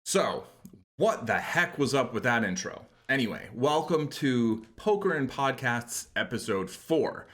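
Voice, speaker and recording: A man's voice: medium pitch, very animated, unhurried, fairly bright tone. A man from New York hosting a podcast, chatting casually in rambling, self-deprecating asides. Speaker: podcast host. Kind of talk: casual chat.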